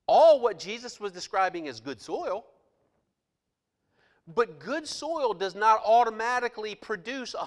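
Male pastor, sermon, high bright voice, impassioned, loud outbursts and hushed asides, echoey hall.

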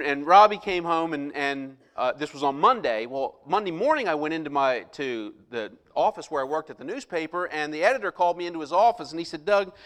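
A middle-aged man preaching a sermon, telling a personal story with animated, rising emphasis. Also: fairly high pitch. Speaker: pastor.

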